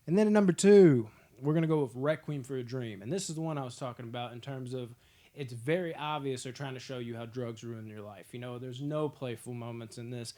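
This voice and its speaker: A young man hosting a movie podcast, ranking films in a casual, profane, excitable way. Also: medium pitch, a little fast. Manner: profane, excitable storytelling with frequent laughs.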